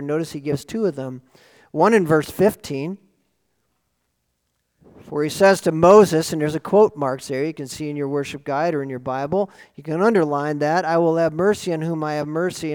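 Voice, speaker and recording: A pastor preaching a sermon to his congregation, building emphasis with sudden loud swells on key words. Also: on the high side. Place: church sanctuary. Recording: long hall reverb.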